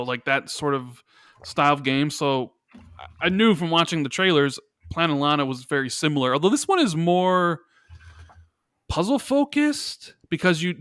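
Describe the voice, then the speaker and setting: Guy with a higher voice joking around on a gaming podcast, ribbing his friends, dry close mic. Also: a bit bright, clear, resonant tone, no echo. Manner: teasing, joking banter. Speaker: podcast co-host. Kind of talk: casual gaming podcast chat.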